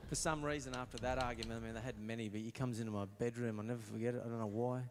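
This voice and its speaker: A man's voice: medium pitch, steady tone, racing, big-room sound, noisy background. Australian man telling crude stand-up stories. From Queensland, Australia. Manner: crude storytelling, mimicking his parents' voices. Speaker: stand-up comedian. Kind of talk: stand-up comedy routine.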